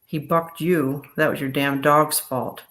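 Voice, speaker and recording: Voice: mid-range voice, fairly even intonation, unhurried, fairly bright tone, natural voice. A reader voicing a smug, blunt young man, the heroine's cousin.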